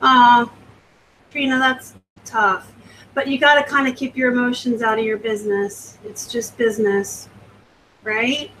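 A woman from the US West Coast hosting a casual live stream and answering viewer comments. Her slightly high voice runs on in loose, rambling chat. A faint layer of background noise sits under her. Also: little pitch movement, unhurried, pauses often, fairly bright tone, rough recording. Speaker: host.

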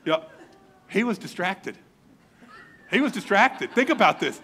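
Animated, bright-voiced pastor preaching. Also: male voice, sits high, takes it slowly, pauses often, slight background noise. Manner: storytelling, self-mocking, animated. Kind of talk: sermon. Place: church.

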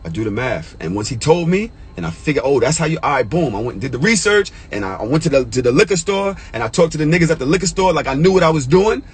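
A man telling a personal story in a casual, profane way. He gets choked up at times and jumps into a high, excited pitch when worked up. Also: fast, few pauses, breathy edge, rough recording. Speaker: storyteller vlogger.

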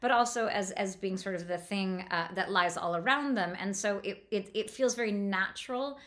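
A woman's voice: mid-range voice, normal speed, a bit bright. A woman giving a literary lecture on a novel, thoughtful and enthusiastic, with frequent restarts and fillers. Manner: enthusiastic about the prose. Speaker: book lecturer.

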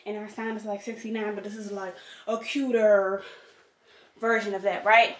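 A woman's voice: medium pitch, flat delivery, normal speed, reverberant, a little hiss or hum. A young woman vlogging casually at home, chatting bluntly with slang and the odd swear word while she decorates her bedroom. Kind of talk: casual chat.

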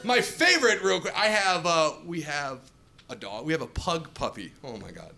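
A man in his forties doing a stand-up comedy set on a club stage, acting out dialogue in animated storytelling, with an audience laughing behind him. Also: on the high side, normal speed, creaky. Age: 40s. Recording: live club audio with crowd laughing.

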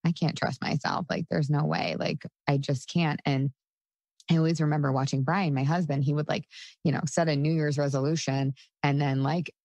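A woman's voice: low-pitched, steady tone, normal speed, darkish tone, dry recording. Chatty woman coach, dry close mic. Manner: chatty, full of "like" fillers, laughs often. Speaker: podcast guest, coach. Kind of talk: casual interview talk.

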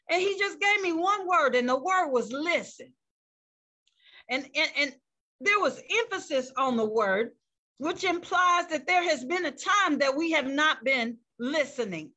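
A woman pastor delivers an impassioned sermon over a video call, her voice high and ringing bright. She preaches with fervor and scatters shouts of praise through her message. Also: moderate pace. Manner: fervent, peppers speech with praise interjections.

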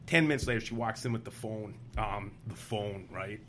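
He's a state senator and former teacher from Wisconsin, in his fifties, speaking at normal speed with a fairly low pitch, and a little hiss or hum is audible. As an interview guest he tells animated stories, performing others' lines.

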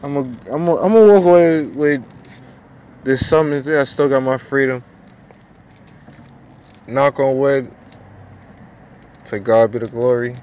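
A man's voice: medium pitch, measured pace, pauses often, darkish tone, clear, resonant tone, highs cut off. A young man venting in a casual vlog monologue, frustrated and profane, repeating himself. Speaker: vlogger.

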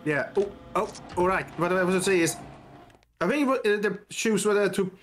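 A man's voice: sits high, brisk, slight background noise. A man co-hosting a game stream, chatting casually and drifting into digressive stories. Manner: storytelling, animated, digressive. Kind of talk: casual chat.

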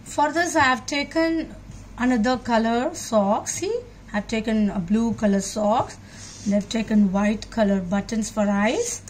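Woman, children's craft demonstrator; high-ish voice, slow and patient delivery, faint background hiss.

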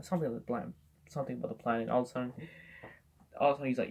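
A man's voice: medium pitch, fairly even intonation, very fast, vocal fry, pauses often, darkish tone. A man rambling through a casual movie review, swearing often and restarting his sentences. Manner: rambling, swears a lot, many fillers and restarts.

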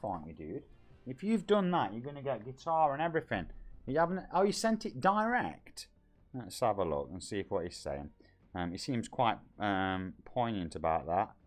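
A man in his forties from England with a British accent, chatting on his live game stream with excitable shout-outs and banter. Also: mid-range voice. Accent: British English. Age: 40s. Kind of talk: lively live-stream chat. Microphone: home streaming microphone.

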